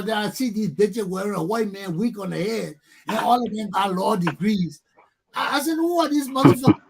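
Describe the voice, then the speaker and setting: A man from Liberia rants on his talk show, firing off angry rhetorical questions and cursing as he circles back to the same points. His husky voice swings from low muttering to shouted bursts. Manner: angry, profane, repeating himself, rhetorical questions. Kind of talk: heated talk show rant.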